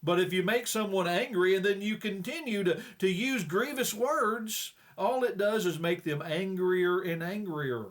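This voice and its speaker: A man's voice: high voice, unhurried, hardly any pauses, fairly bright tone. A male preacher giving a folksy, plain-spoken sermon with frequent hesitations.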